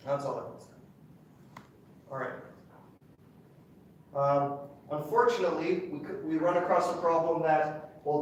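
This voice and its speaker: A man's voice: on the high side, recorded from a distance, slight background noise. Chatty male lecturer in an echoey hall. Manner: chatty, enthusiastic, checks in with "okay?". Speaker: university lecturer. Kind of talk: classroom lecture.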